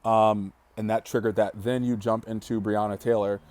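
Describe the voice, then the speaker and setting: Low, earnest man speaking from grief. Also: level tone, normal speed, darkish tone. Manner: earnest and reflective, stretching out heavy words. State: grieving. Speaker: vlogger. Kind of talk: personal vlog monologue.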